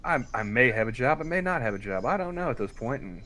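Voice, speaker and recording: A man's voice: mid-range voice, expressive, quick pace, bright, forceful tone. A man in a casual podcast chat, talking in an offhand, shrugging way with false starts. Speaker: podcast co-host.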